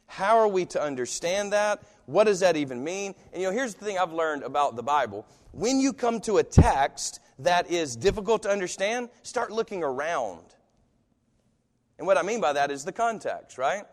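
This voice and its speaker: With a high-pitched, very animated voice at a moderate pace, this man preaches a casual, chatty sermon. The pastor performs the voices of those he quotes, echoing with long hall reverb.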